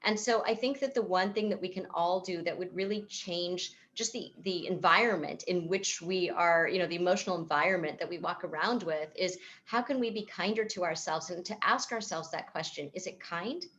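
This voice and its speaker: A woman psychotherapist and author answers questions at a virtual event over a video call, explaining things thoughtfully with frequent fillers and restarts. Her fairly low, slightly bright voice moves fairly quickly with hardly any pauses. The recording sounds muffled.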